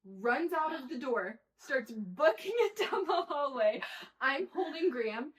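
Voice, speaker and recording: A young woman co-hosting a podcast, telling lively stories about her kids and acting out their lines between laughs. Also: high-pitched, unhurried. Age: young adult. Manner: animated storytelling, acts out kids' lines, laughs often. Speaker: podcast co-host. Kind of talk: casual chat.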